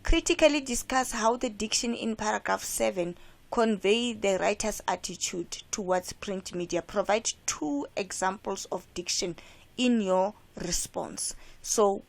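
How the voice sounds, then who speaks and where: In this classroom lesson on exam questions, a South African English teacher explains how to tackle comprehension items. Her voice is gravelly and medium-pitched, her pace a little slow, and she keeps asking "right?" to check understanding.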